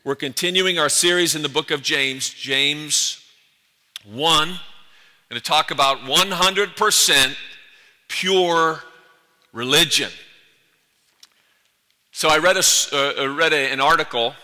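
Bright-voiced pastor in echoing church. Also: male voice, a little high, slow pace, long pauses. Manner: earnest, repetitive emphasis. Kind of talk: sermon. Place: church sanctuary. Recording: echoey church hall.

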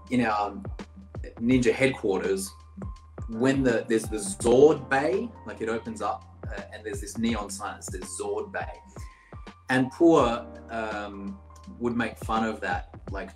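The audio is poor and reverberant as a Brazilian man in his thirties, with a lowish voice, chats as an actor guest over a video call. His casual storytelling interview is relaxed and meandering, heavy on the word "like."

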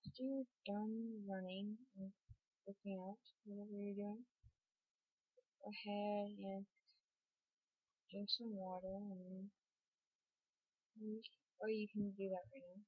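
A woman's voice: mid-range voice, steady tone, slow, pauses often, breathy edge, dry recording, phone-quality sound. A young woman hosting a let's play, congested from allergies, rambling with many ums and self-corrections. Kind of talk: casual gameplay commentary.

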